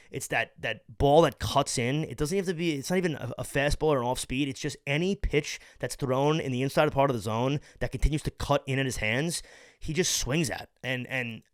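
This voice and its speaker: A man's voice: mid-range voice, fairly bright tone, smooth, dry recording, studio quality. A man hosting a sports podcast, giving opinions in an emphatic, profane rant.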